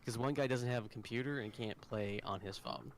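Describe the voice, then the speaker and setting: An easygoing American man acts as game master on a voice call, explaining things patiently in a mid-pitched voice. A faint hiss sits under his mic. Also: brisk. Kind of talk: casual voice chat.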